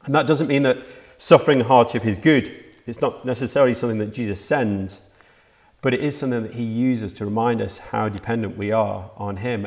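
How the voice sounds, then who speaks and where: A man's voice: on the low side, darkish tone. A man preaching a sermon for a church livestream, earnest and reflective, often restarting his sentences. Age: adult, past university age.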